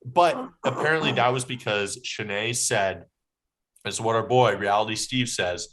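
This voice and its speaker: Young guy hosting a chatty podcast, fast and jumpy, hams up quotes. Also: lowish voice, fairly bright tone. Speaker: podcast host. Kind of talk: casual chat.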